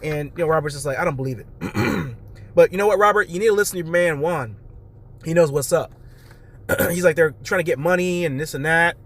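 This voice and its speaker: A man's voice: on the high side, fairly quick. A man hosting a podcast, casually recapping a reality show episode in a loose, chatty way and talking straight to his listeners.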